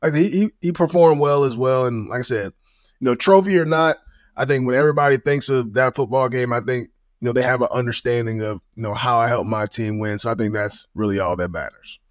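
A man in his thirties talks as the guest in a relaxed interview, humble and easygoing, leaning on "you know" as he goes. His words come quickly. The sound is dry and close, with no room around it. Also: medium pitch, no room sound. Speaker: guest, former pro running back. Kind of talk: casual interview chat.

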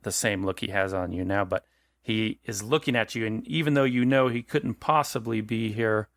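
A man's voice: on the low side, fairly even intonation, moderate pace, vocal fry, no room sound, studio quality. A man narrating as game master for a tabletop horror game, casual and rephrasing as he goes. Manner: conversational, restarts and rephrases.

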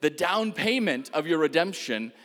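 A man's voice: on the high side, expressive, moderate pace, a bit bright, big-room sound. A man preaching a sermon, telling a personal story in a casual way with many fillers and laughs.

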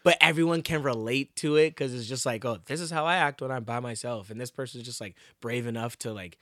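A man's voice: medium pitch, a little fast, a bit bright, dry recording. A man chatting casually, rambling with constant fillers and acting out the people he describes. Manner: rambling, full of "like", acts out quoted voices. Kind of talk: casual chat.

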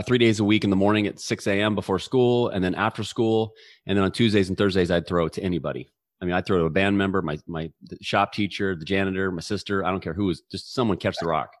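A man's voice: sits low, steady tone, fast talker, no echo, studio quality. A man in his forties telling a personal story as an interview guest, earnestly, with frequent restarts and repeated words. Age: 40s.

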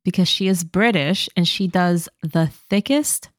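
A woman's voice: lowish voice, a little slow, dry recording, clean studio sound. A young woman co-hosting a podcast, chatting in a playful way with laughter and dramatic asides. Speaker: podcast co-host. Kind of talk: casual chat.

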